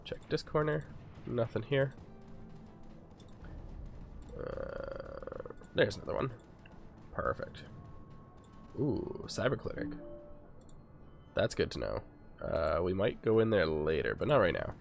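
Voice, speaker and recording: Low gravelly voice, sniffly man, casual game commentary, faint music. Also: takes it slowly, long pauses. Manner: relaxed, thinking aloud. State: stuffy, sniffly. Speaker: gameplay streamer.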